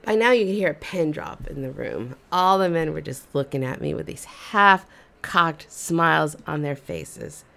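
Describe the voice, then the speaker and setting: A woman hosting a storytelling show, telling a personal story in an animated, expressive way. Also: low voice, a little slow, gravelly. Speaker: storyteller host.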